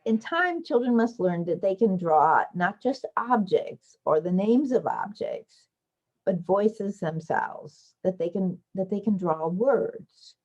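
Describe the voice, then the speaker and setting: Woman, online lecture, unhurried delivery, dull lo-fi call audio. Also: low-pitched. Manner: explanatory, slips into lively children's voices when quoting. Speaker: invited lecturer. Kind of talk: online academic lecture with slides.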